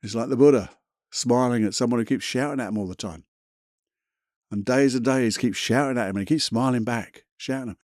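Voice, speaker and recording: A man's voice: mid-range voice, brisk, a little mellow, no echo, clean studio sound. A man hosting a self-help podcast, talking in a blunt, chatty, motivational way with the odd mild swear. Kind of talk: casual motivational monologue.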